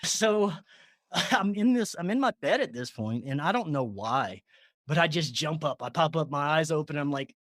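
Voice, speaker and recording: A fairly high-voiced man recounts a personal experience in a loose, animated way. He laughs often, and his talk is full of fillers. The sound is close and dry. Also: normal speed, no room sound. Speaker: podcast guest. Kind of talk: casual storytelling.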